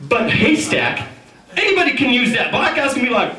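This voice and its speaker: A man in his thirties hosting stand-up comedy at a house party, joking loudly and bantering with the crowd. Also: very high-pitched, huge pitch swings, normal speed. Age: 30s. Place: large room in a house, with a live audience. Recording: roomy, distant mic, loud crowd.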